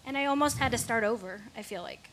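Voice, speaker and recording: Woman guest on a christian talk show, earnest and candid, kinda high voice. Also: fast talker, a bit bright, slight background noise. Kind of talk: personal faith testimony.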